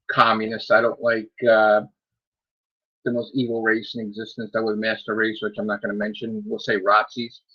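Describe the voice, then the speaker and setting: A man's voice: fairly low pitch, husky, muffled recording. A man hosting a gaming podcast, ranting defiantly and sarcastically, firing off rhetorical questions. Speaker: podcast host. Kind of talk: solo rant on a gaming podcast.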